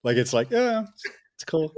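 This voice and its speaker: A man's voice: on the high side, big pitch swings, moderate pace, a little mellow. A man in his thirties, a podcast co-host, talking in an easygoing casual chat and explaining things at length.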